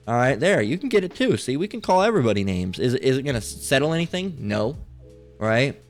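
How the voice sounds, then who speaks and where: A man's voice: mid-range voice, sing-song, soft background music. A man hosting a religious channel, reading viewer comments aloud and answering them in a profane, mocking, scolding way, stretching words out to preach. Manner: preachy, drawn-out emphasis.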